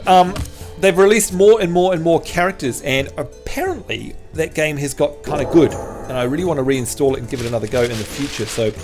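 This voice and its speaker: Over background music, a Kiwi streamer with a slightly Australian-tinged accent chats with his viewers while commenting on a card game. His voice is a little high and a little fast, lively and talkative, climbing when he gets excited.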